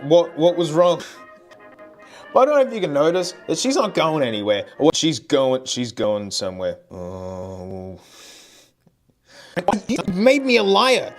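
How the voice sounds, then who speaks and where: A man talks in a loose, rambling stream-chat manner, his pitch swinging widely and sitting a touch high for a man. He laughs often between thoughts. Faint music runs underneath. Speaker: streamer and vlogger. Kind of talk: casual chat.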